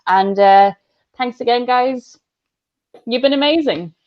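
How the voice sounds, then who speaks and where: An Irish woman co-hosting a casual chat show, talking fast and bluntly. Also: a little high. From Ireland. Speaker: co-host. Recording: dull lo-fi audio.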